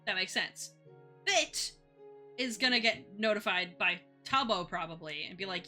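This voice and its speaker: A woman streamer chats casually while drawing on a live stream, rambling and giggling between thoughts and retelling other people's lines in quick, playful voices. Her mid-range voice is animated, bright, and forceful, with soft music in the background.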